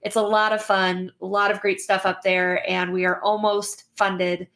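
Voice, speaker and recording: A woman hosts a livestream in a loose, chatty way, filling her pauses with ums and uhs. Her pitch sits in the middle, neither high nor low. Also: flat delivery, fairly bright tone. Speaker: host. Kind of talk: casual livestream wrap-up.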